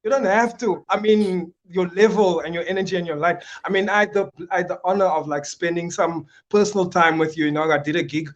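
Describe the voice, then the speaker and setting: A man's voice: sits high, steady tone, brisk, hardly any pauses, muffled recording. A man in his thirties who hosts a podcast, chatting casually and heaping praise on his guest. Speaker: podcast host and comedian. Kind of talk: casual interview chat.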